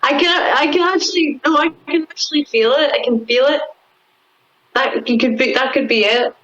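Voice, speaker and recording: A woman's voice: high-pitched, a bit bright. A woman guest in a casual chat, giggly and amused. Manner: giggly, slow-spoken. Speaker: podcast guest. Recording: dull lo-fi sound.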